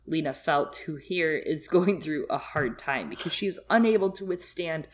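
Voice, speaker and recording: A woman with a low voice talks casually and at length about a book. She rambles and fills her sentences with asides and fillers. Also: moderate pace. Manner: chatty, rambling, many fillers. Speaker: podcast co-host.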